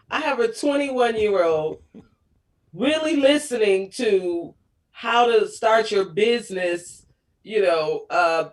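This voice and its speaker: A woman in her forties sits in as a guest on a talk show and tells family stories in a relaxed, chatty way. She laughs often and acts out the lines she quotes. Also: mid-range voice. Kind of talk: casual chat.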